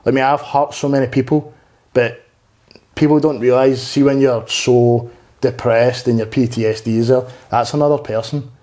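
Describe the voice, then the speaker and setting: A young man in his twenties speaks as a podcast guest, open and earnest. His voice is dark and mellow, at a middle pitch. He rambles, restarts his thoughts and swears freely in casual chat. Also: steady tone, normal speed. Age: 20s. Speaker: podcast guest, stand-up comedian. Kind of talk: candid conversational interview.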